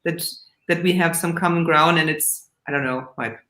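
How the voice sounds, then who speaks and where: A woman's voice: low-pitched, fairly bright tone. German woman in an echoey room. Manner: halting, searching for words. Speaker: band member guest. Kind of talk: casual video-call chat.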